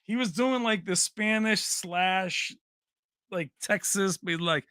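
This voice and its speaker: Male streamer, casual rambling chat, raised pitch, bright dry sound. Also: takes it slowly, clear, resonant tone, dry recording. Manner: rambling and animated, laughs often, answers chat by name. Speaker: livestream host.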